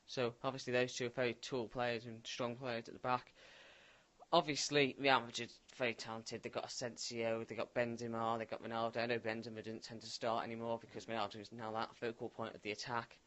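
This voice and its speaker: A man's voice: medium pitch, level tone, brisk, fairly bright tone. Chatty man with tag questions. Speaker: co-host. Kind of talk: casual football chat.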